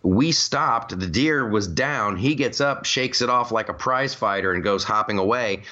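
A man's voice: on the low side, a little slow, bright, forceful tone, highs cut off. A man hosting a casual, comedic podcast chat, rambling through stories with many restarts and laughs. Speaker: podcast host.

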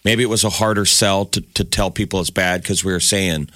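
A man with a low voice co-hosts a morning radio show in casual banter. He tells stories with animation and acts out the people in them. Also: a little fast, no room sound. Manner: animated storyteller, acts out quotes.

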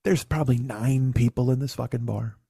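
A man casually telling a long funny story, profane and animated, acting out the other people's lines. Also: medium pitch, a little fast, creaky, slightly rough, dry recording, studio quality. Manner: profane, animated, acts out quotes.

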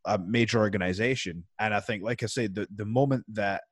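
A man's voice: fairly low pitch, fairly quick, no room sound, studio quality. A man from the UK, a guest on a podcast, answering in a chatty, reflective way with frequent repeated words. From United Kingdom. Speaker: guest wrestler. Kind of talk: casual interview chat.

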